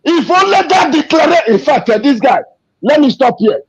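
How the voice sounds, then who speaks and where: A man giving an emotional, impassioned political rant, repeating himself and shouting in anger. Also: very high voice, expressive, normal speed. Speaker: activist speaking to an interviewer. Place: abroad. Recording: dull lo-fi recording.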